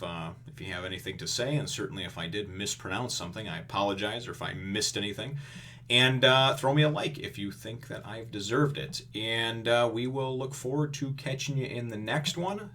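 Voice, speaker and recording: A man with a somewhat low voice hosts a casual comic review vlog. He rambles through the story with plenty of fillers and amused chuckles. The tone is loose and conversational. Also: a bit bright.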